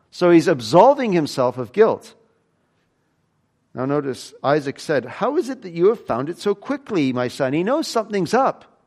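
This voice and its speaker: A man preaching a sermon, reading scripture aloud and explaining it, swinging between loud emphatic stretches and quiet low passages.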